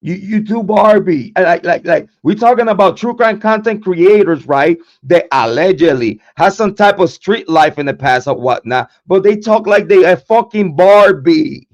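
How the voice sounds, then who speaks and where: This true crime channel host rants on a livestream, swearing and confronting, with plenty of repeated words and stammering restarts. His high-pitched voice has lively intonation, moving at normal speed with hardly any pauses. The audio is dull and lo-fi.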